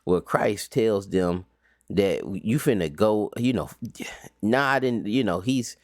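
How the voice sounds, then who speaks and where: A man's voice: fairly low pitch, slow, no echo, studio quality. A man teaching an informal Bible study recap, talking casually with slang and rhetorical questions.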